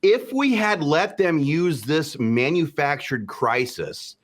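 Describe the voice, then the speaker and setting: A man's voice: on the high side, expressive, takes it slowly. A man co-hosting a political podcast who talks in a brash, profane, mocking way. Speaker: podcast co-host. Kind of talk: opinionated political talk.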